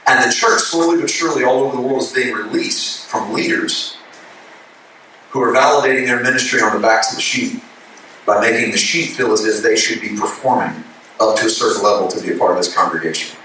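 A man's voice: medium pitch, brisk, slight background noise. Man preaching in an echoey church. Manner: builds from calm teaching to shouted passionate preaching. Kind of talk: sermon. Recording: echoey hall from a distance.

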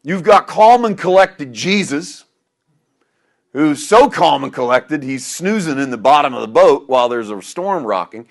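A middle-aged male pastor delivering a sermon with a somewhat high voice. He swings from loud, emphatic declarations to soft, confiding asides. He laughs at himself now and then as he preaches. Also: lively intonation, a little slow.

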